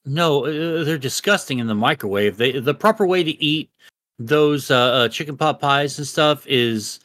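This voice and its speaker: A man's voice: medium pitch, animated, moderate pace, fairly bright tone, no echo, clean studio sound. A man in his thirties, a podcast co-host, chatting casually and ranting with lots of swearing. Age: 30s. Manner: profane, emphatic rants. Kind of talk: casual chat.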